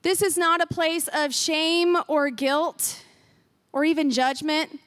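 A woman's voice: sits high, steady tone, takes it slowly, fairly bright tone, no echo. A woman pastor preaching a sermon in a church, earnest and emphatic, repeating key phrases for weight. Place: church sanctuary.

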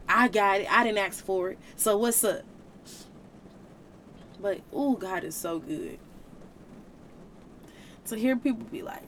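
A woman's voice: medium pitch, unhurried, pauses often, slight background noise. A woman hosting a faith podcast, speaking in an earnest, emotional, preaching way, with casual slang. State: tearful at times. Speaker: podcast host.

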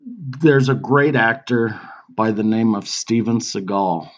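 A man's voice: lowish voice, takes it slowly. A man co-hosting a podcast in casual chat, offhand and laid-back, swearing now and then. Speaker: podcast co-host. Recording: dull lo-fi sound.

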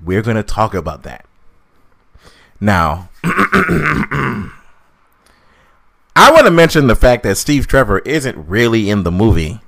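A man's voice: on the low side, big pitch swings, slow pace, gravelly, pauses often, fairly bright tone. A man co-hosting a podcast, ranting in casual chat with a lot of swearing and mocking asides. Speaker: podcast co-host reviewing a film.

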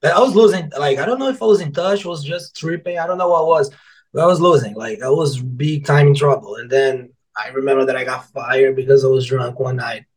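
A man's voice: mid-range voice, brisk, low-quality recording. A man being interviewed on a podcast about his life as an author, telling stories casually in loose, rambling sentences, swearing freely and acting out what other people said. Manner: animated, swears freely, acts out quotes of coworkers and customers; loose, rambling phrasing with restarts.

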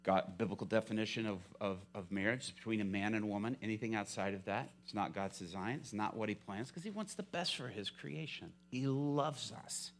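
A male pastor preaching a sermon, telling a story with lively swings from hushed to loud. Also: fairly low pitch, brisk, few pauses, slight background noise.

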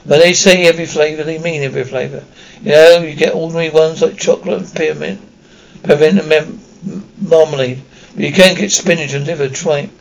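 A cheeky young wizard who grumbles and warns his friend off, as a man reading the book puts him on. The voice is slightly high and gravelly, with a plain storybook delivery. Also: fairly even intonation, a little fast, low-quality recording. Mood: grumbling.

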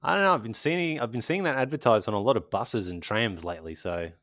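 A man's voice: lowish voice, fast talker, a bit bright, no room sound, studio quality. A man chatting casually as a podcast co-host, rambling and joking, often trailing off mid-sentence. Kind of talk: casual chat.

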